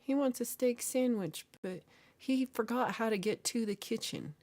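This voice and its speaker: A woman's voice: a little high, normal speed, darkish tone. A woman hosting a casual livestream, playfully reading and answering chat comments and teasing her viewers. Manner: jokey and teasing. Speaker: livestream host.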